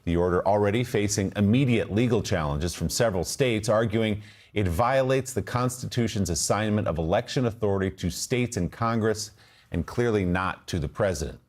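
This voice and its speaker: A man reading a political news report in an even, measured delivery. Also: on the low side. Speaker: news reader.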